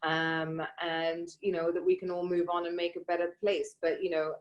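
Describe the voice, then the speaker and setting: A woman's voice: fairly low pitch, level tone, moderate pace, lo-fi sound. A woman co-hosting a podcast, speaking in an outspoken, emphatic way, with sarcasm at times, in casual conversation. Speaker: podcast co-host.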